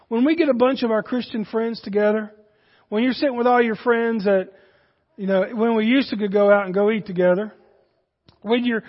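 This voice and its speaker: A man preaching a sermon as pastor, earnest and speaking straight to his congregation. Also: very high voice. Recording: dull recording with long hall reverb.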